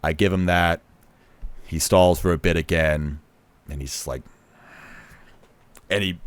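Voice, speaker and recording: A young man tells a long personal story in a loose, rambling way, full of "like" and false starts. His voice sits low and sounds smooth and clear. The recording is dry and close, with no room sound. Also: fairly bright tone, no room sound. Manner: rambling, lots of fillers and restarts, nervous laughs; acts out others' lines in quoted voices. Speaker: vlogger recounting a festival trip. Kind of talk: casual storytelling to camera.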